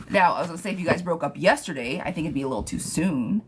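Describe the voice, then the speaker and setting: A woman's voice: on the low side, lively intonation, fast talker, few pauses, a little hiss or hum. A young adult woman giving a casual live tarot reading, chatty, laughing often and swearing lightly. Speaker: tarot reader. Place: home, streaming live.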